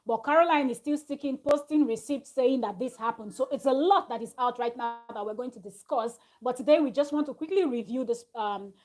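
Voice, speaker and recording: A woman's voice: high-pitched, brisk, few pauses. Chatty woman recapping reality TV gossip. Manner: chatty, animated retelling of a quarrel. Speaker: reality TV review host. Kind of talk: casual gossip recap to camera. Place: at home with her small child nearby.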